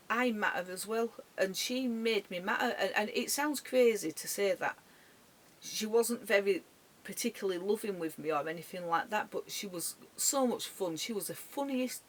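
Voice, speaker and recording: Tearful woman, halting and emotional. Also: medium pitch. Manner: halting, emotional, many restarts and soft trailing words. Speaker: dog owner. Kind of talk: emotional personal vlog tribute. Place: sitting in her caravan bedroom.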